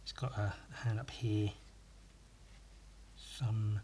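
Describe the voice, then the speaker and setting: A man's voice: medium pitch, lively intonation, a little slow, fairly bright tone. A man hosting a solo podcast while he draws, rambling with profane, self-mocking humor and many asides. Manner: meandering, with many restarts and asides. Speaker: podcast host.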